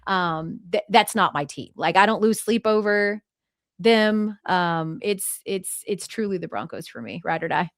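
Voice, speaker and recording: Lively woman telling a sports story. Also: medium pitch, a little slow, dry recording, clean studio sound. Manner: lively storyteller, acts out quotes. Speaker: sports anchor, podcast guest. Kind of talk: casual interview chat.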